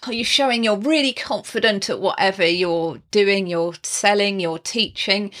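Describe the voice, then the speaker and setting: A woman voice teacher talks at an unhurried, slow pace in a mid-pitched voice. She explains tips casually, swooping her voice up and down to demonstrate, with chatty asides and laughs. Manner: expressive, demonstrates pitch and volume changes while explaining. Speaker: singing teacher giving video tips. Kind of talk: casual spoken tutorial.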